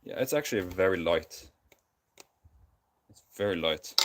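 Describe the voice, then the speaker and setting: A tired man with a Scandinavian accent streams himself building a guitar, rambling casually and restarting often between ums. His low voice is expressive and unhurried. Heavy background noise comes through his basic non-professional mic.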